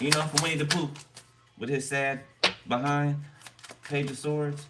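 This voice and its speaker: A man with an unhurried, medium-pitched voice gives a casual tarot reading, rambling and blunt about the cards and swearing freely. The mic is distant and picks up background noise.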